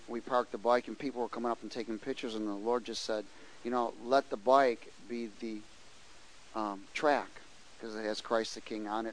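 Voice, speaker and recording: A man's voice: medium pitch, rough recording. A man preaching a sermon, telling personal stories animatedly and acting out the voices of people he met. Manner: animated storytelling, acts out voices, frequent restarts.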